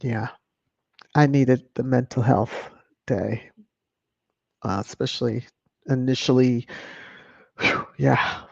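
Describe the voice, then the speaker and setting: A woman's voice: very deep voice, steady tone, slow, creaky, pauses often, darkish tone, breathy edge, no room sound. A woman from the United States hosting a casual livestream, chatty and opinionated as she reads out viewer comments. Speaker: livestream host. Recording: dull lo-fi home stream audio.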